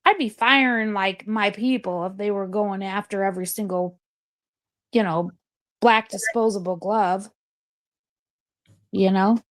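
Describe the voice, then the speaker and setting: A woman's voice: medium pitch, fairly even intonation, unhurried, long pauses. A woman calling in to a live talk show, rambling and repeating herself as she shares her idea. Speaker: caller. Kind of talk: casual call-in chat.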